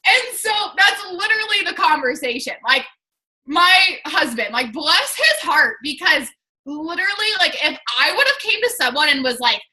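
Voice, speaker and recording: A woman's voice: high-pitched, lively intonation, moderate pace, sharp tone, poor audio. A woman in her twenties from Washington state, a fitness coach telling her personal story on a casual team call, chatty and earnest, with lots of "like". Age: 20s. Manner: chatty and earnest, many "like"s, candid.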